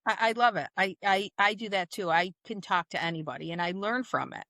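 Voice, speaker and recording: A woman co-hosting a podcast, chatting casually with lively exclamations. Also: mid-range voice, a little fast, gravelly, no room sound. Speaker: podcast co-host. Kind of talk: casual chat.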